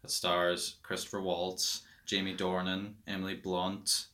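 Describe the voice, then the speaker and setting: A man's voice: low-pitched, unhurried. A young man with an Irish accent, a podcast guest in casual chat, blunt and scathing in his opinions. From Ireland. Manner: blunt, scathing, animated rants.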